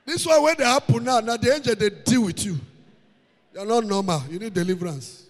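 A man preaching with a Nigerian accent, mixing in Pidgin, chanting repeated words and swinging into shouts. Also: high voice, a little fast, long reverb tail. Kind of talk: sermon.

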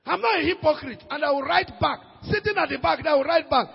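A Nigerian man preaching a sermon as pastor, swinging between shouted peaks and low asides, slipping into Pidgin. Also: fast talker, creaky, hardly any pauses, big-room sound, highs cut off. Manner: preaches with sudden shouted rises and quiet drops, mixes in Pidgin.

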